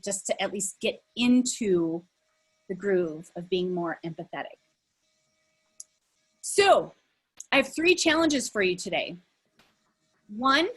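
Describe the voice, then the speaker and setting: A woman's voice: mid-range voice, fairly bright tone, slightly rough, rough recording. A middle-aged woman leading a live online workshop over a video call, talking in a conversational way with many fillers and restarts. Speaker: workshop facilitator.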